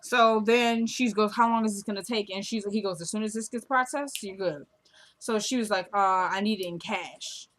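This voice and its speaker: A woman's voice: medium pitch, moderate pace, fairly bright tone. Chatty woman recapping a TV episode. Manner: chatty, acts out quotes of the characters. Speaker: TV show recapper.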